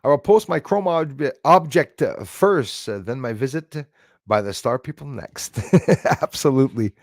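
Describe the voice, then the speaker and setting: A Canadian man hosting a casual livestream chat, his medium-pitched voice animated and a little slow. He rambles chattily and thanks viewers by name, picked up on a dry close mic.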